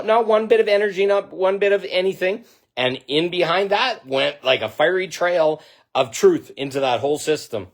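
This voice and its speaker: A man speaking straight to his viewers in an intense, profane, emphatic rant, starting off halting and sighing. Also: medium pitch. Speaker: vlogger. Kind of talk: direct-to-camera monologue.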